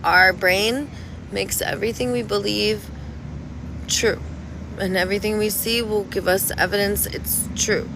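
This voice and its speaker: A woman's voice: mid-range voice, fairly even intonation, a little slow, gravelly. A woman giving a rambling, playful monologue outdoors on a city street, now and then breaking into sing-song. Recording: street traffic noise behind. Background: passing cars.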